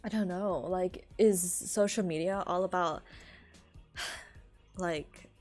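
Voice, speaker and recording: A woman's voice: lowish voice, slow pace, darkish tone, soft background music. A young woman from California chatting casually on a live stream, rambling, laughing often and filling her talk with "like".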